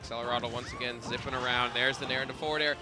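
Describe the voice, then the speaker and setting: A man giving live play-by-play commentary on a fighting game tournament, quick and excitable, often laughing. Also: medium pitch. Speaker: esports commentator. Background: game music.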